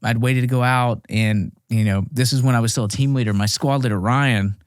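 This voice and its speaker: This podcast guest, a Marine veteran in his thirties, spins a war story in a relaxed, self-mocking way, animatedly voicing the characters and cracking jokes. He speaks briskly in a clear, resonant mid-range voice, and the sound is dry and clean, studio grade.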